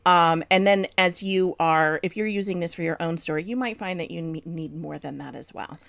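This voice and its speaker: A woman's voice: on the low side, moderate pace, vocal fry, a bit bright, dry recording. A woman co-hosting a chat show, explaining writing craft in a thoughtful way with frequent ums. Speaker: podcast co-host, book editor.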